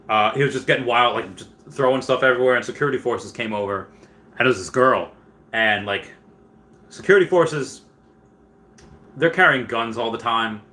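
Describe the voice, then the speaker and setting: A man hosting a casual livestream who rambles on, reads viewer comments aloud and breaks into loud, excited bursts. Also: medium pitch. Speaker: livestream host.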